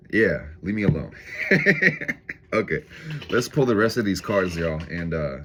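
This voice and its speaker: A man's voice: rumbling low, a little hiss or hum. A man casually reading tarot cards on his vlog, swearing freely and laughing often. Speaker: tarot reader vlogger.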